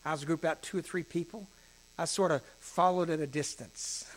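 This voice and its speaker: A male pastor preaching a sermon, shifting between hushed emphasis and louder passages. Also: fairly high pitch, steady tone, a little fast.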